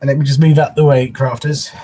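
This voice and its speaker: Brief: male livestream host, husky tone, soppy and chatty, recorded at home. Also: mid-range voice, flat delivery, fast talker, warm tone. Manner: openly emotional, soppy, chatty. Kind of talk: casual live-stream chat. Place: at home, in a living room.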